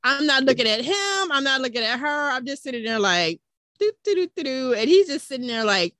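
A woman's voice: sits high, animated, fairly quick, bright, forceful tone, dry recording. A woman co-hosting a podcast, telling a story in a chatty, conversational way. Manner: chatty, laughs along, conversational. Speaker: podcast co-host. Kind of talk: casual storytelling chat.

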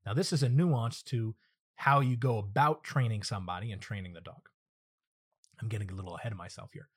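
Husky-voiced man hosting a podcast. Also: on the low side, brisk. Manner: direct, earnest, instructive. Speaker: dog trainer and podcast host. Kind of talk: solo podcast monologue with storytelling.

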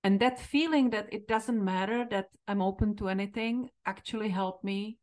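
A middle-aged woman with a Czech accent tells a personal story in a candid, reflective way. Her voice sits at a medium pitch, and she is a podcast host speaking in her second language. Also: moderate pace, darkish tone. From Czech Republic. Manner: candid, reflective, quoting herself with emotion.

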